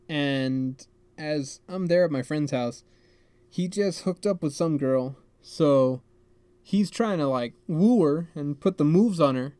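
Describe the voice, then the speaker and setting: A man's voice: on the high side, a little slow, clear, resonant tone, dry recording. Rambling young man telling a story. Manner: rambling, animated, filler-heavy with "like" and "man". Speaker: podcast host. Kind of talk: casual storytelling.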